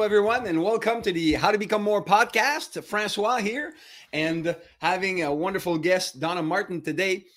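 High-voiced French-Canadian man hosting. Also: a bit bright. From Ontario, Canada. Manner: enthusiastic, encouraging, with hesitant fillers. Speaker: podcast host. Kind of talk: upbeat motivational interview.

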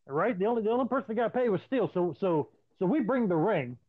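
A man casually swapping profane stories in an animated, storytelling way. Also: sits high, fast talker. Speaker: podcast host. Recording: dry, tinny phone-like line.

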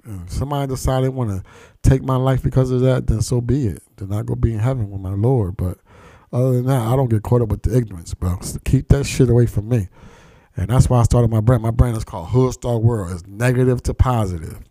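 Podcast host, male, dark mellow tone, dry close sound, animated streetwise storyteller. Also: medium pitch, fast talker, dry recording. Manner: streetwise, profane, animated storytelling, acting out quoted voices. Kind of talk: casual conversation, storytelling.

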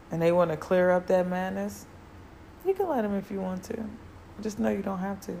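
Speaking in a fairly low, dark-toned voice, a woman chats on her own podcast, earnest yet casual, using filler words and repeating key words to spur on her listeners. Slight background noise sits under her talk.

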